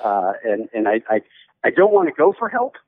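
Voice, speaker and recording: A man's voice: mid-range voice, sing-song, fairly quick, dry recording. Man in his forties, soccer broadcaster, chatty and rambling, heard over a tinny dry call line. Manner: chatty, rambling with many restarts. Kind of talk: casual podcast chat.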